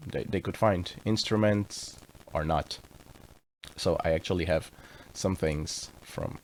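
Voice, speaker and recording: A man's voice: low-pitched, darkish tone. A man composing a song on a livestream, thinking aloud in a rambling way and correcting himself as he explains his steps. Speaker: musician composing a song on stream. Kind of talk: casual thinking-aloud walkthrough.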